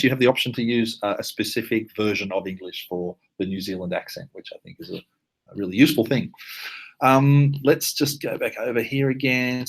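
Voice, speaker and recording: A man with an Australian accent presenting a live online software workshop, talking casually with plenty of fillers and asides. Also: medium pitch. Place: at his computer, live webinar.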